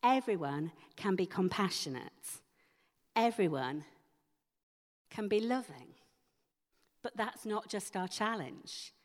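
A woman preaching a sermon, asking slow, emphatic rhetorical questions. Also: medium pitch, expressive. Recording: long hall reverb.

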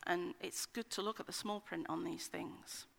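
A woman's voice: fairly low pitch, steady tone, normal speed, gravelly. A middle-aged woman giving an earnest, conversational personal-testimony sermon, with frequent ums and restarts. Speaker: speaker at a church meeting. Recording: hall with long reverb.

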